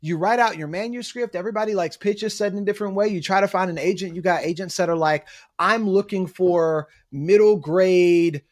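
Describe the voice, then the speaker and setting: A young adult man, a guest author, chatting casually on a podcast and telling animated stories with acted-out quotes. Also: high-pitched, fast, few pauses. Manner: animated storyteller who acts out quotes.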